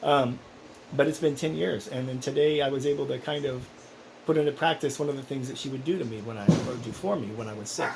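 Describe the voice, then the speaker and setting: Gravelly rambling man vlogging. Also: mid-range voice, quick pace, a little hiss or hum, rough recording. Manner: rambling, with many restarts and fillers; earnest, encouraging. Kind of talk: casual personal vlog.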